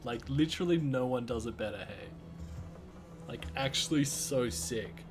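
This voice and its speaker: A man's voice: mid-range voice, normal speed, over music. A man chatting casually on a game stream, laid-back, chuckling often and swearing casually. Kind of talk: casual gaming stream chat.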